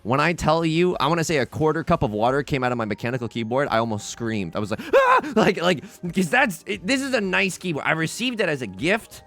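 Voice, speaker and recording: Animated man joking through a game. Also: on the high side. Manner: animated, joking, quick restarts and self-mocking asides. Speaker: let's play host. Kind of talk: casual gameplay commentary.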